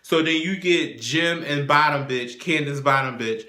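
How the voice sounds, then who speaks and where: A man's voice: fairly high pitch, a little slow, sharp tone. A man hosting a casual TV episode recap, profane and acting out the characters' lines as he retells scenes. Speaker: TV recap show host. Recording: echoey room.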